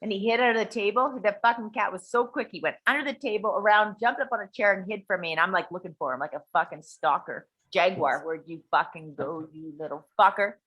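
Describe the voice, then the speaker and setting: A woman telling a profane, animated story in casual conversation, acting out voices as she goes. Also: medium pitch, fast, few pauses, breathy edge, rough recording. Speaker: guest sharing a personal story.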